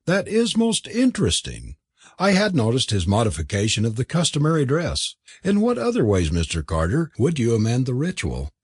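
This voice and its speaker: A man's voice: medium pitch, huge pitch swings, moderate pace, breathy edge, no room sound, studio quality. A man voicing a genial, talkative older male antiquarian who hosts a supper.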